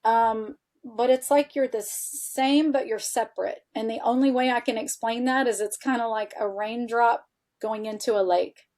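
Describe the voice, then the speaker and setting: A woman's voice: a little high, normal speed. Woman telling a personal story casually. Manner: animated, many fillers like "you know" and "like"; candid, with occasional swearing. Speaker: interview guest, integrative health practitioner.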